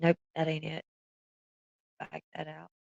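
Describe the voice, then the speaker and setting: A woman's voice: low-pitched, monotone, unhurried, vocal fry, a little mellow, no room sound, muffled recording. A woman chatting casually on a livestream, laughing often and swearing freely as she talks to her viewers.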